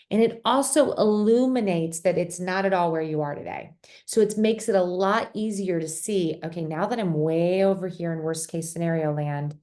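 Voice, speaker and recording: A middle-aged woman giving a gentle, reflective explanatory talk, often restarting her phrases. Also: on the low side. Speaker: speaker on survivor mental health.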